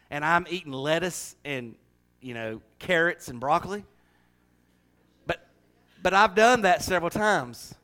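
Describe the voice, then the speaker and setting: A pastor talks to his church in a folksy, joking way, full of asides and small talk. His voice sits a little high for a man. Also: expressive, normal speed, a bit bright. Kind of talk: sermon with church announcements.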